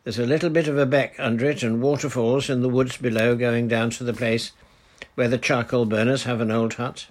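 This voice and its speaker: A man voicing an eager young girl leading the way, quick and lively. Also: medium pitch, natural voice. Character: eager local girl guide.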